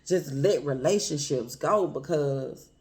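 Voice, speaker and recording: A woman speaking earnestly and personally to her viewers, calling them y'all and family, with a quiet, emotional edge. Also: deep voice, slow pace. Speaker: vlogger. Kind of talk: heartfelt personal talk to camera.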